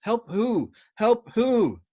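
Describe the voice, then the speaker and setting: A man's voice: on the low side, brisk. A man voicing a wary, exasperated young male bombardier who talks in urgent bursts in a storybook reading. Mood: frantic. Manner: urgent, exasperated, trying to hush.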